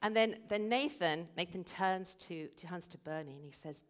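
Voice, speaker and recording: A woman's voice: on the low side, normal speed, few pauses. A middle-aged woman giving a sermon, explaining and telling stories in an earnest way. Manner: earnest, storytelling. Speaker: guest speaker at a church service.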